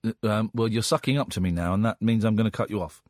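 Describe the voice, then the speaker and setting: A man hosting a late-night radio phone-in, dry and teasing, with a croaky throat. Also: fairly low pitch, fast talker, a little mellow, dry recording. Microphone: studio microphone.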